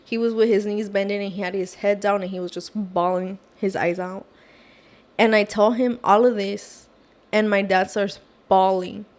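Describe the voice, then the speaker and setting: A woman's voice: mid-range voice, normal speed. Chatty woman telling a story. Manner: animated, fillers like "like" and "oh my gosh". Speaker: podcast guest. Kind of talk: casual storytelling.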